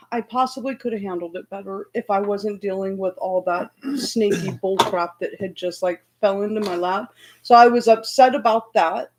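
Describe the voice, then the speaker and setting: A woman hosting a livestream, loudly and heatedly retelling an argument in casual talk. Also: mid-range voice, normal speed, slight background noise, low-quality recording. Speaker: livestream host.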